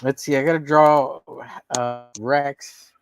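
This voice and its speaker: A man's voice: medium pitch, fairly even intonation, takes it slowly. A man chatting casually while drawing on a live stream, joking and teasing and laughing often.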